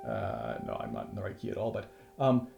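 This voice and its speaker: A man's voice: low-pitched, wildly swooping pitch, fairly quick, creaky, loud music behind the voice. A man teaching a harp lesson, explaining rhythm and counting the beats aloud as he plays, with frequent restarts.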